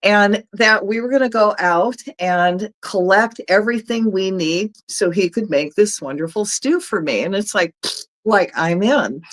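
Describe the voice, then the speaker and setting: A woman's voice: medium pitch, fairly bright tone. A woman hosting a show, telling personal stories in a chatty way, laughing between phrases. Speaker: host. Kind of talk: personal storytelling monologue.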